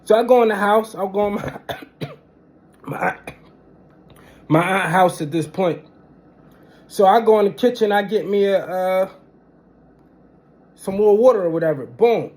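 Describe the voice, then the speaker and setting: Young man, high-pitched, animated, slangy, casual storytime monologue. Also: measured pace, long pauses. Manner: animated, slangy, punctuates with "boom" and "bang".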